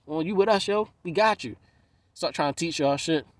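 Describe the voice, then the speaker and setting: A man from the East Coast rants to the camera in a loose, streetwise way, full of swearing. His pitch jumps high and low as he gets worked up. The sound is close and dry, with no room around it. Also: moderate pace, no echo. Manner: animated, profane, streetwise, slips into voices of others. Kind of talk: casual profane monologue.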